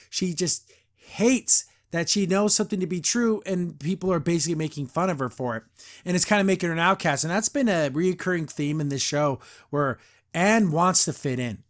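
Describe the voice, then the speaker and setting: A high-voiced man hosts a casual cartoon review podcast. He laughs a lot and jumps into quick impressions of the characters as he retells the story. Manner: laughs often, acts out character quotes. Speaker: podcast host. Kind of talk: casual episode review commentary.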